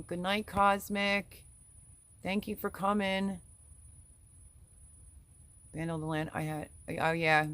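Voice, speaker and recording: A woman's voice: deep voice, a bit bright, no room sound. A middle-aged woman hosting a homestead live stream, reading viewer comments aloud in a chatty, rambling way and laughing often. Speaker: homestead channel host.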